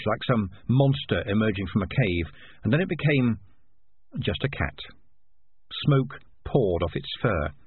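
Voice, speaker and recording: A man reading a novel aloud as audiobook narrator, expressive and measured, on a tinny phone-like recording. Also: lowish voice, slight background noise. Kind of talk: scripted narration.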